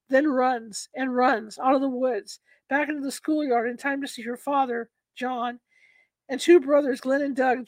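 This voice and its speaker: Woman reading a story out loud, high voice, dry close sound, steady pace. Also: no room sound, rough recording. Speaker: narrator. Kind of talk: read-aloud story narration.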